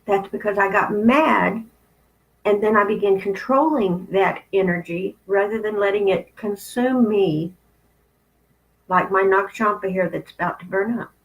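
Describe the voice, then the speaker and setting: A woman's voice: medium pitch, measured pace, highs cut off. A woman in her fifties giving a candid spiritual talk, blunt and conversational with some profanity. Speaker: spiritual channel host.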